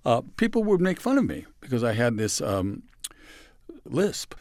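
A man from San Francisco, a guest in an interview, telling personal stories in a halting, reflective way and dropping softly when he quotes others. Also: mid-range voice, very animated, dry recording, studio quality. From San Francisco, USA. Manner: halting with restarts, soft dramatic dips when quoting others.

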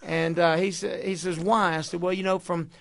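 A man, a boxing coach telling stories in an interview in a folksy, animated way, acting out the dialogue. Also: high-pitched, a little fast, gravelly, no echo. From Houston, Texas. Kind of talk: storytelling interview.

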